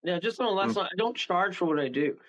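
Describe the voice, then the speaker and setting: A man's voice: high voice, lively intonation, fast, fairly bright tone. A man, a medium guest on a radio show, chatting casually and rambling through stories with frequent chuckles. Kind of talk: casual radio interview chat. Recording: dull lo-fi call audio.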